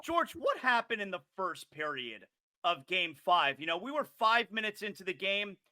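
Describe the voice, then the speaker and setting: A man hosting a sports talk show, chatty and excitable, reading an ad and then questioning a guest. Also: high voice, normal speed. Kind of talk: casual sports talk with ad read.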